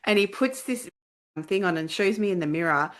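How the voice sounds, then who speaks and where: A woman's voice: mid-range voice, animated, normal speed. A woman hosting an interview podcast, telling stories in a chatty way with lots of "like" and "you know.". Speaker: podcast host. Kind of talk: casual interview chat.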